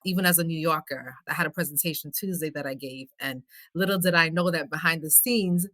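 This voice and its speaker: A woman's voice: deep voice, brisk, a bit bright, dry recording. A middle-aged woman from Belize with a mix of New York and Caribbean accents, chatting as a personable podcast guest telling stories. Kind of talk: casual podcast chat.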